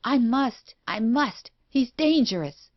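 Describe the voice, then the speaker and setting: Woman reading a shrill, frantic guilty woman. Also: animated, takes it slowly. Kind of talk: audiobook reading. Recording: dull lo-fi recording.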